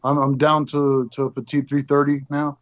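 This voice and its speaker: A man with a fairly high voice tells a story as a guest on a show, lively and animated, jumping into other people's voices as he goes. The audio is dull and lo-fi. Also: moderate pace. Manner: animated, acts out the other people in his stories. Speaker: guest actor. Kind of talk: casual storytelling.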